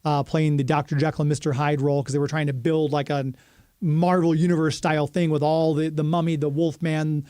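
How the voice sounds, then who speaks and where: A man's voice: fairly high pitch, little pitch movement, a little fast, mellow, no room sound, studio quality. A man hosting a radio show, chatting casually and reading a sponsor spot with plenty of fillers.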